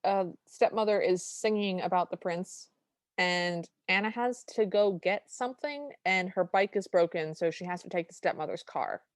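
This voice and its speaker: Podcast co-host, female, lower register, chatty recap delivery, close dry mic. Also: normal speed, no room sound. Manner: chatty, recounting plot with quoted lines. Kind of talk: casual recap chat.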